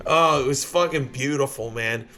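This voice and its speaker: Rambling, profane podcast co-host. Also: male voice, mid-range voice, normal speed, sharp tone, soft background music. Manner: rambling, profane, laughing storyteller. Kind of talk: casual comedic chat.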